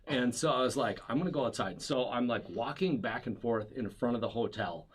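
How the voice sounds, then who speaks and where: Man telling a rambling, animated story. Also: medium pitch, a little fast, slightly rough. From Wisconsin, USA. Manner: animated storyteller, swears freely, self-mocking. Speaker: podcast guest. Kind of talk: casual interview chat.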